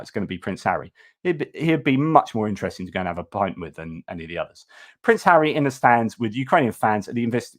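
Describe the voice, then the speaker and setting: Chatty man hosting a news stream. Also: medium pitch. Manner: chatty and informal, frequent fillers and restarts. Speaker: host of a news livestream. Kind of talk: casual news commentary.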